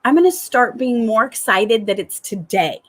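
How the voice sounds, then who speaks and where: A woman talking to her viewers in an upbeat, enthusiastic gratitude vlog, returning again and again to the same warm phrases. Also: fairly high pitch, animated, moderate pace. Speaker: spiritual coach.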